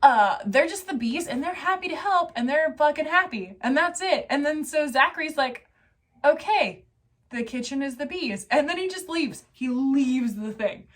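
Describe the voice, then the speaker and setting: A tipsy woman giving a rambling, profane, excitable recap of a novel's plot as a casual book reviewer. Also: sits high, normal speed, hardly any pauses.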